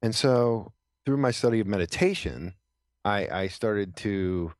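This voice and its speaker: A man's voice: fairly low pitch, animated, a little slow, no room sound. A middle-aged man, a retired Navy SEAL, telling his story as a podcast guest in an earnest, reflective way with frequent restarts. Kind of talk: conversational storytelling.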